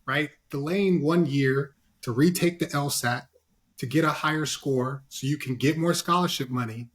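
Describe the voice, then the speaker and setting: A man's voice: a little high, moderate pace. A man speaking as a panelist in a casual discussion, giving earnest advice with lots of fillers and "right?" tag questions, over a video call.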